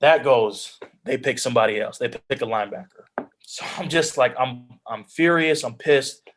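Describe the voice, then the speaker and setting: Young man, 20s, guest on a video call, earnest storyteller, mid-pitched, plain everyday delivery. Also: moderate pace, a bit bright, slight background noise. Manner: earnest storytelling, drops into quoted self-talk. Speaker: guest speaker, pro football player. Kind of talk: telling his life story on a video call.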